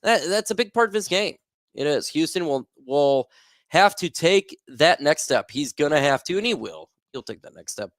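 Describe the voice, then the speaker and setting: A man's voice: fairly high pitch, lively intonation, moderate pace, dry recording, studio quality. A young man hosting a casual sports livestream, reading viewer comments aloud and reacting in a loose, filler-heavy way. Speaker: livestream host.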